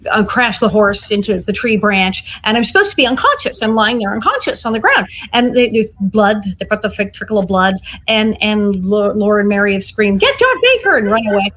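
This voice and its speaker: A woman's voice: medium pitch, animated, fairly quick, hardly any pauses, fairly bright tone. A woman guest on a video-call panel telling a story animatedly, acting out the quotes. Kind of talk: anecdotal chat.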